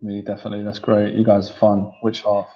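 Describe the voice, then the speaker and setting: A man's voice: fairly low pitch, monotone, quick pace, lo-fi sound. A man hosting a casual livestream, reading viewer comments and cracking up with laughter, sounding tired. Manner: giggly, keeps cracking up laughing. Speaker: livestream host and coach.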